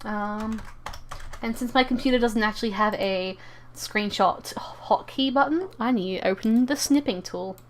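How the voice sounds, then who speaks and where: This live streamer's voice is a little high and a little slow, with slight background noise. She chats playfully with viewers and game characters while playing, rambling and frequently stumbling and repeating her words.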